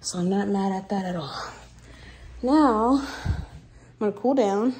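A woman's voice: medium pitch, slow pace, a little mellow, slightly rough. A woman chatting casually to her vlog camera, blunt and talkative, swearing freely and addressing viewers as "y'all". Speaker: vlogger. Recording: noisy background.

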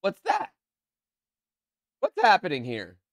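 A man streaming a game from a room at home, chatting in a playful way that swings between low muttering and loud calls. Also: huge pitch swings, slow, a little hiss or hum. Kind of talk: live gameplay commentary.

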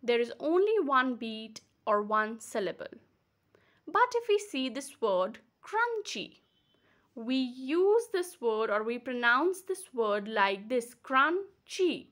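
A woman teacher from Kashmir with an Indian English accent, patiently explaining a lesson and repeating words slowly, syllable by syllable. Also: fairly high pitch, big pitch swings, fairly bright tone. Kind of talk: slow classroom explanation.

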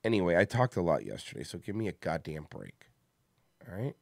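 A man's voice: deep voice, sing-song, fairly quick, creaky, darkish tone, no echo. A man hosting a comedy podcast, rambling and joking in casual banter, worn out from a busy day. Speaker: podcast host.

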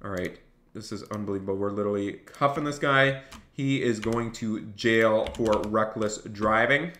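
A man's voice: fairly low pitch, steady tone, normal speed, fairly bright tone. A man streaming a game live, cheerfully thanking donors and barking mock police orders as he role-plays a cop. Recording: echoey room, faint noise.

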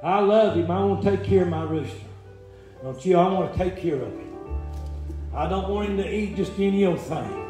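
A man's voice: sits high, moderate pace, warm tone. Preacher man in an echoey church. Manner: folksy, frequent "uh" fillers, asks the congregation questions. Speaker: evangelist preacher. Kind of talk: sermon. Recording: very echoey church room with music behind.

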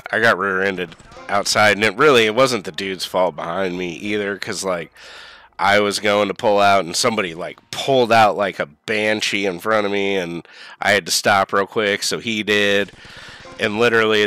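Low, bright-voiced laid-back gamer guy. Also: steady tone, normal speed, clear, resonant tone. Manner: laid-back, swears freely, laughs often. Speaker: let's play co-host. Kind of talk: casual gaming chat.

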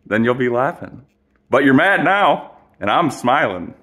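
A man's voice: medium pitch, very animated, measured pace, bright, forceful tone. A young man ranting casually to camera, profane, rambling and argumentative.

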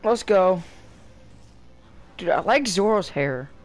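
A young man giving casual, rambling commentary while playing a fighting game, getting excited and shouting at the game. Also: high voice, slow pace, soft background music. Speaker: gameplay commentator.

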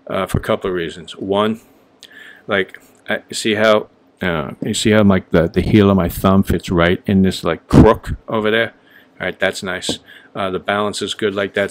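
A man's voice: low voice, fairly bright tone. A man talking casually on a vlog, blunt and rambling, swearing freely and filling gaps with "um" and "like". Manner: loose and rambling with many fillers. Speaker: vlogger honing straight razors.

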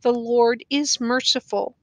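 A woman's voice: a little high, level tone, slow pace, dry recording. A woman reading an audiobook, voicing a stern, devout older aunt who speaks firmly. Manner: firm and commanding.

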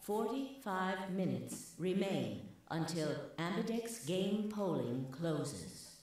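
Video game AI announcer, female, cold and flat; slow and echoey. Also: on the low side, a little hiss or hum. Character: cold female computer surveillance system. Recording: heavy echo on voice.

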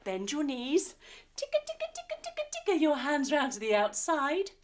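A woman's voice: sits high, huge pitch swings, normal speed, slight background noise. A woman leading a kids' yoga session as a storyteller, playful, with sound effects and animal noises. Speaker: kids yoga teacher and storyteller.

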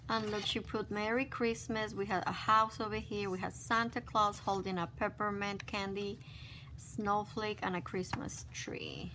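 A woman's voice: mid-range voice, little pitch movement, moderate pace, pushed and bright. A woman vlogger at home, gushing and exclaiming as she opens crafted mail in casual unboxing chat. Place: at home by her desk. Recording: noisy background hiss.

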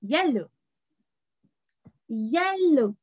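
A young woman leads a children's language lesson, speaking slowly and repeating each word. Her voice sits a little high, and she laughs easily. The sound is close and dry, with no room around it. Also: very animated, dry recording, poor audio. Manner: slow, repeats words, laughs often. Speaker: French teacher for kids.

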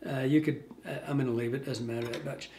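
A man giving a casual step-by-step fly tying demonstration, relaxed and rambling as he thinks aloud while working. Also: mid-range voice, quick pace, slight background noise.

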